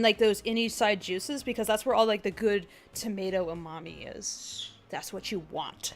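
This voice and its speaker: A woman's voice: a little high, normal speed, faint music behind. A woman hosting a casual livestream, talking animatedly with lots of laughing and "like". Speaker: comic artist and animator, stream host.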